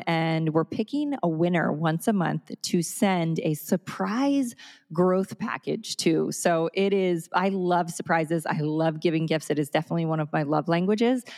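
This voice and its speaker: Female podcast host, effusive, slightly low pitch. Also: darkish tone. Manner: effusive, grateful. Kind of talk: podcast interview.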